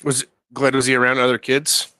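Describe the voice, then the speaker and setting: A man's voice: medium pitch, little pitch movement, a little fast, bright, forceful tone, smooth, dry recording. A man in casual chat, laid-back and calling his friends "bro" and "dude". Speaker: podcast co-host.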